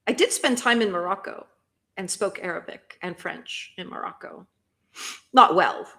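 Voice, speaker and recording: A woman's lowish, unhurried voice with vocal fry and a sharp tone leads a cozy productivity livestream. As host, she chats casually, takes viewer comments, asks lots of questions and laughs a lot.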